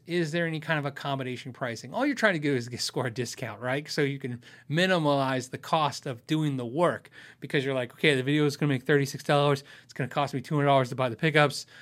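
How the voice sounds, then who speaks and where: A man with a fairly high, sharp-toned voice hosts a casual livestream for a gear channel. He reads viewer questions aloud and rambles candidly, often cutting himself off mid-thought.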